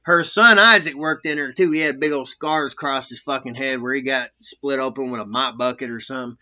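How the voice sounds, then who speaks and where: Man, ex-con storyteller, rambling and foul-mouthed, cutting bright voice, dull recording. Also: medium pitch, brisk. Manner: profane, laughing, rambling. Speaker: former prisoner telling stories. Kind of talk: casual storytelling.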